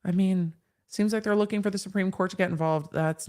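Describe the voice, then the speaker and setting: A woman's voice: medium pitch, brisk, a little mellow. A woman in her thirties hosting a live stream, reading viewers' chat comments aloud and answering them in a frank, chatty way.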